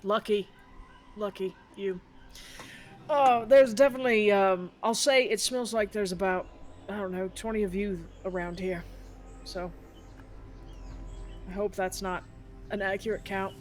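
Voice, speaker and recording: A man's voice: sits high, steady tone, moderate pace, long pauses, faint music behind. A man playing a tabletop game in casual talk, asking hesitant questions with fillers. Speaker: player.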